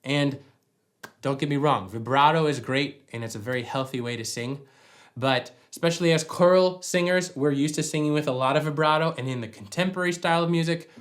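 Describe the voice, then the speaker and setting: A vocal coach with a slightly high voice gives a practical singing lesson from home, a dog nearby. He talks fairly quickly and demonstrates each point as he explains it.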